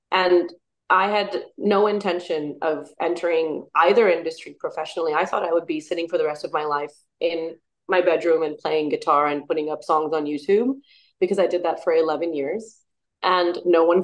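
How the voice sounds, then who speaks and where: Brief: thirtysomething woman, upbeat interviewee, chatty and warm laughter, lower register. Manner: enthusiastic, laughs often, restarts. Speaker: musician and actor, interview guest. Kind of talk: casual interview chat.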